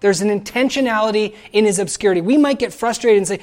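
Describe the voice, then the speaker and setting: A man giving a sermon, lively and conversational, acting out quoted voices and asking the listeners questions. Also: high-pitched, fast talker, hardly any pauses. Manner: animated, acts out quoted voices. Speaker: pastor.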